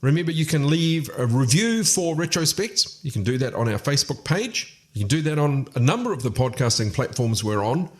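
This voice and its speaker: A man hosting a music radio show and podcast, chatting casually as he back-announces tracks and reels off band details. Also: fairly high pitch. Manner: chatty, informative, runs through track details.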